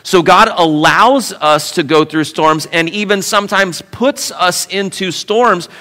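A man preaching a sermon as pastor, animated and conversational with playful asides. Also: sits high, measured pace, long reverb tail. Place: church sanctuary.

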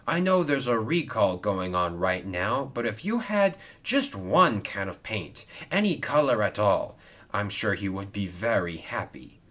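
A man's voice: fairly low pitch, sing-song, measured pace, a bit bright, full character voice. A man voicing a kind, helpful male steam engine in a storybook reading, friendly and earnest.

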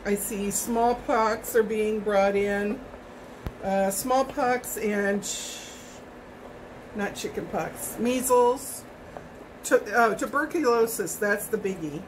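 Slow, chatty woman cooking at home. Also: mid-range voice, slight background noise, low-quality recording. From Hawaii. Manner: rambling, chatty, tastes and snacks while talking. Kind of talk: casual cooking chat. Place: home kitchen.

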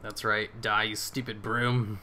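A man giving excitable live commentary on his game, swearing and cheering his moves as he plays. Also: lowish voice, unhurried, slight background noise. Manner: excitable, swears, laughs often. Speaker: gaming streamer.

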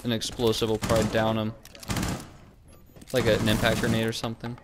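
A man's voice: on the low side, monotone, fairly quick, background noise. A man playing a video game, talking strategy with his teammate over a headset, with now and then a frustrated outburst. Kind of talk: team voice chat during play.

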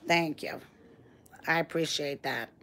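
A woman's voice: low-pitched, measured pace, pushed and bright, slight background noise. A middle-aged woman with a New York accent hosting a casual livestream on a phone, gushing and greeting viewers by name. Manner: gushing, reads viewer comments aloud. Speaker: livestream host.

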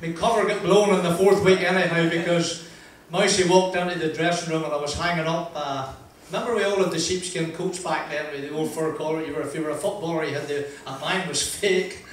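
A man's voice: a little high, fairly quick, hardly any pauses. Northern Irish man telling stories in an echoey hall. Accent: Northern Irish, Ballymoney. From Northern Ireland. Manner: broad, lively anecdotal delivery, acting out dialogue. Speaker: motivational speaker. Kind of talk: humorous storytelling speech. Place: event venue with audience. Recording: echoey hall, distant mic, faint noise.

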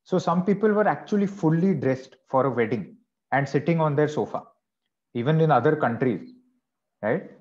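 A man's voice: on the high side, expressive, normal speed, darkish tone, highs cut off. A man teaching vocabulary in an online class, explaining patiently with chatty asides. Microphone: video call.

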